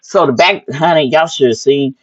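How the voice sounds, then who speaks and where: A woman hosting a wrestling recap show, telling the action in a sassy, lively way with plenty of "honey" asides and acted-out quotes. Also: deep voice, normal speed, dull audio. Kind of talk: excited casual wrestling recap.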